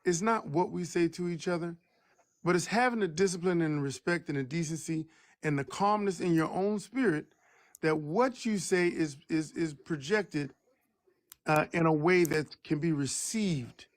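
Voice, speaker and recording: A married man with a baritone voice co-hosting a live stream chat, lecturing emphatically and slowing down to stress his points. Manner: preachy, emphatic, slow for stress.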